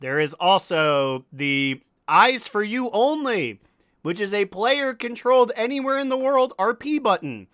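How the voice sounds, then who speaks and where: A man's voice: sits high, expressive, a little slow, fairly bright tone, no room sound. A man co-hosting a casual gaming podcast, riffing wryly and laughing often, on a close mic. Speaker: podcast co-host.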